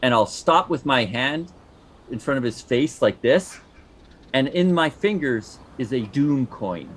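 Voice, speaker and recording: A man's voice: medium pitch, expressive, a little slow, a little hiss or hum. A man playing a tabletop role-playing game, describing what his character does and sometimes speaking as him. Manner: describes his character's actions, drops into short in-character lines. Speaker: player.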